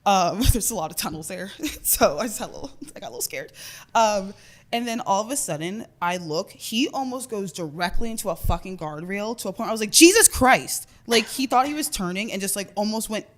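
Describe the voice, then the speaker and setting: A woman's voice: medium pitch, animated, a little fast. Chatty young woman telling a story. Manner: chatty storytelling, swears often, says "like" a lot. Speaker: podcast co-host. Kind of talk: casual chat.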